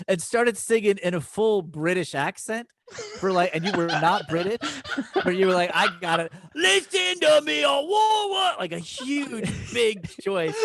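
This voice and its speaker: Improv teacher guy on a podcast, kinda high voice, dry close sound, animated stories, laughs a lot. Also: dry recording. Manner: animated storytelling, laughs often. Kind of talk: casual chat.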